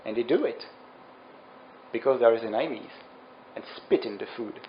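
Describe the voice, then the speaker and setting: A man's voice: medium pitch, moderate pace, a little hiss or hum. A man narrating a comedic dramatic reading with over-dramatic, melodramatic delivery. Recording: roomy, dull lo-fi sound. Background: music.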